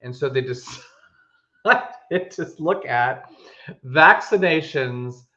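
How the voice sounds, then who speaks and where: Bright, emphatic man in an echoey room. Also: a little high, slow. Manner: animated, emphatic storyteller with frequent restarts. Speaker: podcast co-host. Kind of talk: casual chat. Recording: echoey room, dull lo-fi sound.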